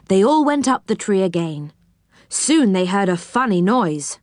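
A woman reading a children's storybook aloud at an unhurried pace. Her voice is lively and rises and falls a great deal, and it sounds close and dry, with no room sound. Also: medium pitch, no echo. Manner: slow, expressive, clear. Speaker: narrator.

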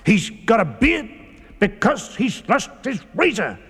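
A man's voice: high-pitched, sing-song, a little slow, a bit bright, breathy edge, voice pushed up, full character voice. A man doing a cheeky little mouse. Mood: chatty. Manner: chatty and playful. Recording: reverberant with music behind.

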